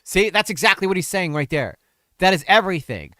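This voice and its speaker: A man's voice: high-pitched, very animated, a little fast, pushed and bright, no echo, clean studio sound. A man commenting on a stream, crude and exasperated, mocking what he reads.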